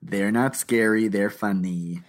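A man's voice: lowish voice, measured pace. A man co-hosting a comedy podcast, chatting casually and laughing often. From New Hampshire or Florida. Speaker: podcast co-host.

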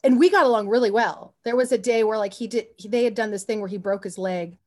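Animated, rambling woman with a higher voice. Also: fast. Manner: animated, rambling, full of asides and restarts; often says "you know what I mean". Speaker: actor and podcast guest. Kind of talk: casual interview storytelling.

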